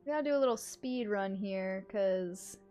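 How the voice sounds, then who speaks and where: A woman's voice: mid-range voice, normal speed, dark tone, soft background music. A young woman streaming a video game, thinking aloud in a chatty, self-mocking way. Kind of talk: casual gameplay commentary.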